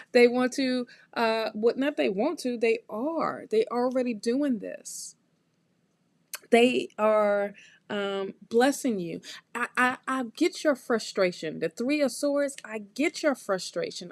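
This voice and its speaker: A woman giving a live tarot reading, talking straight to her viewers in a warm, encouraging, chatty way with lots of repeats and restarts. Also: on the high side, no room sound. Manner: loose, chatty phrasing with restarts. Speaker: tarot reader hosting a live stream.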